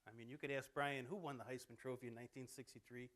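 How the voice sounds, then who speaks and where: A man's voice: medium pitch, fairly even intonation, quick pace, a bit bright. A middle-aged man presenting to students in a college theatre, speaking plainly and conversationally with lots of personal anecdotes. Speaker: presenter at a campus talk. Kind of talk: informal lecture to students. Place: college theatre, in front of an audience.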